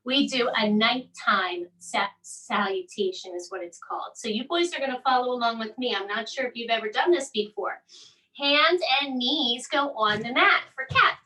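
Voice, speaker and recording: A woman in her thirties leading a children's bedtime yoga lesson at home, with soft, coaxing instructions. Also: on the high side, normal speed, recorded from a distance, low-quality recording. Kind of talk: gentle kids' yoga lesson and read-aloud.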